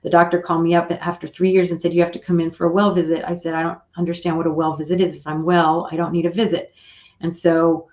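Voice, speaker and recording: A woman guest on a talk show, retelling a personal story in a chatty, animated way with quoted dialogue. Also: lowish voice, fast. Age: older. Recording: dull lo-fi remote audio.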